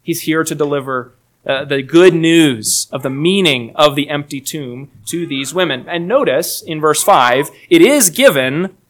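A man delivers a sermon with earnest emphasis. His voice sits a little high, and his delivery shifts between quiet, low passages and raised, stressed lines. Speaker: preacher. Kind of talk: expository sermon.

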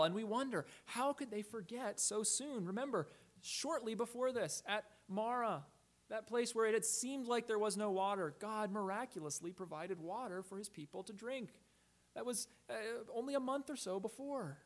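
Male preacher, high voice, measured and deliberate, rhetorical questions, stretched-out words for emphasis. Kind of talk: expository sermon.

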